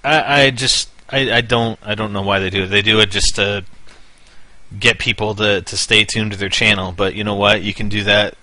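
A man's voice: fairly low pitch, steady tone, normal speed, pushed and bright, dry recording. A man hosting casual gaming commentary, rambling and hyper, winding himself up into a half-joking rant. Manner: rambling, mock-ranting, wound up. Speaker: gaming channel host.

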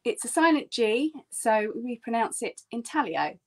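A woman, a print artist, giving a friendly and explanatory online printmaking lesson. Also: measured pace. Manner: chatty and explanatory, with bright lifts in pitch. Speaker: print artist teaching a workshop. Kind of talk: friendly online craft tutorial.

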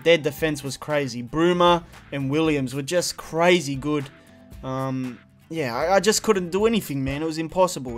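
A young man playing a football video game, commenting on the match as he plays, swinging from muttering to shouting in frustration. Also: a little high. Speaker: gaming video creator.

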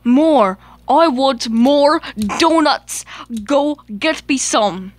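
A woman voicing a grumpy, demanding male engine in a homemade toy play, loud and greedy. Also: high voice, takes it slowly, no room sound.

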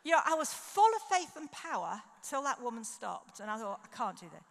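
Lively woman preacher telling a story. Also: fairly high pitch, fairly quick, gravelly, slight background noise. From United Kingdom. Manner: animated storyteller, acts out her own thoughts. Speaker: conference speaker. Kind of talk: sermon with storytelling. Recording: long hall reverb.

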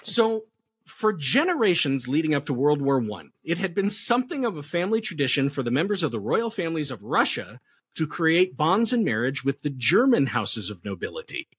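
A man with a husky voice telling history as a podcast guest, animated and jokey with playful asides. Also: fairly high pitch, fairly quick, dry recording. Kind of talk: casual podcast chat.

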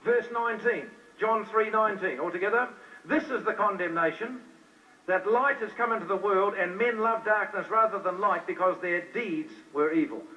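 A New Zealand man with a high-pitched, sharp-toned voice preaches an evangelistic sermon to a hall at normal speed. He goes over the same points again and again and quizzes the crowd with questions. The old live recording is distant and dull.

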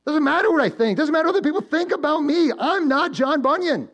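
A man preaching a sermon as pastor, swinging between loud emphatic build-ups and hushed low warnings, telling stories and posing questions to the congregation. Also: lively intonation, quick pace. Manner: storytelling with direct questions to the congregation. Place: church.

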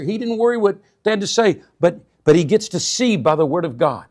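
A man preaching a sermon, calling out "amen?" to his church and swinging between hushed asides and loud emphatic bursts. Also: high-pitched, lively intonation, a little fast. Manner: call-and-response, repeats 'amen?' to the congregation. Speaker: pastor.

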